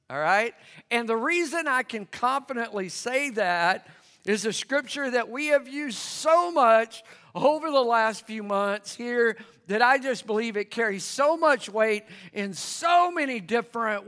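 With long hall reverb trailing his words, a male pastor preaches a conversational sermon to a church congregation, urging them to answer. He has a very high voice that sounds pushed and bright.

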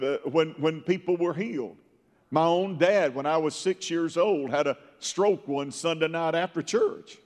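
An older man preaching a Pentecostal sermon in a church, fervent and bursting into shouts. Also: fairly high pitch, in a large hall. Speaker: pastor.

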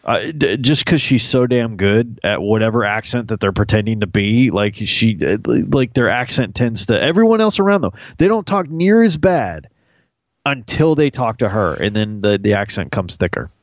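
Crude, animated man recapping a show. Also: lowish voice, moderate pace, dry recording, lo-fi sound. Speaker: podcast co-host. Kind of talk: casual TV recap chat.

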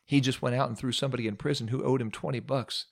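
A man's voice: mid-range voice, fairly even intonation, quick pace, gravelly. A man voicing chatty servants in a sermon story, speaking in an incredulous, tattling tone. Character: gossiping male servants, outraged and chatty.

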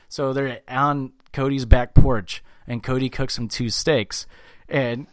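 A man's voice: steady tone, moderate pace, no echo, clean studio sound. A man co-hosting a podcast in casual chat, a profane storyteller who quotes people in mocking voices. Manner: profane storyteller, jumps into high mocking voices when quoting. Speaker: podcast co-host.

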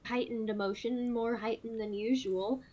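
A woman's voice: a little high, steady tone, moderate pace, dark tone, dull audio, soft background music. A woman co-hosting a podcast, chatting in a playful, joking, hyperbolic way. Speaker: podcast co-host. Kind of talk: casual chat.

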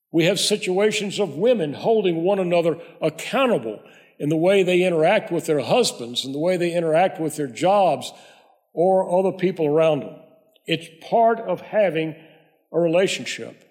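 A man preaching a sermon in a measured, conversational way, leading the congregation in prayer. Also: fairly high pitch, a little mellow, in a large hall. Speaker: pastor.

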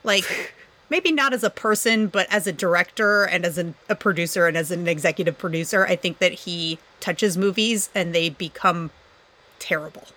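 A woman's voice: lowish voice, normal speed, sharp tone. A woman co-hosting a casual chat, rambling and sarcastic, often laughing.

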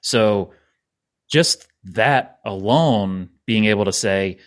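A podcast host with a low voice talks through an idea the way a coach would. He is thoughtful and keeps checking in with his guests by asking "right?" as he goes. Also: slow. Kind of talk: casual conversation.

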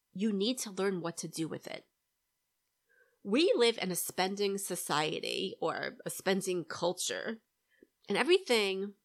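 A woman's voice: medium pitch, fairly bright tone. Middle-aged female host, direct coaching talk with frequent "right?" checks. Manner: coaching, keeps asking "right?". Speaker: podcast host, money coach. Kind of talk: solo podcast advice talk.

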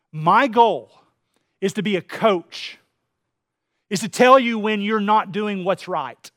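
Male preacher, high voice, impassioned sermon delivery, dry close mic. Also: dry recording. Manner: preaching with rising intensity, acting out quoted voices.

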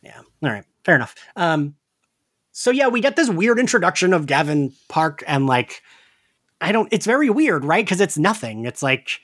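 A man's voice: a little high, very animated, normal speed, fairly bright tone. A man co-hosting a podcast in casual chat, rambling with lots of "like"s and frequent laughs. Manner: chatty, laughs often, rambling with many "like"s. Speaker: podcast co-host.

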